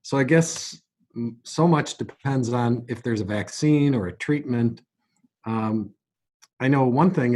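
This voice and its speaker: A man answering interview questions as a guest, in a measured, earnest way with some stumbles. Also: medium pitch, a little mellow, breathy edge. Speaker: guest, music company president.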